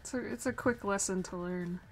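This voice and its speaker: A woman streaming casually while drawing, chatting and laughing often, getting animated when she tells a story. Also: mid-range voice, normal speed, faint music behind.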